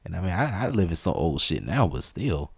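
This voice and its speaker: A man's voice: deep voice, very animated, brisk, creaky, darkish tone, slightly rough. A man in his thirties with a thick Southern US accent, rambling casually to his live-stream chat, full of slang and fillers.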